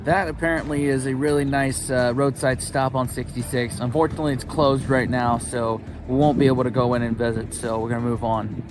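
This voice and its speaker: This man, a travel vlogger, rambles chattily with lots of fillers while driving his car on a road trip. His mid-range voice is steady and a little fast, heard over music, and a handheld camera inside the car does the recording.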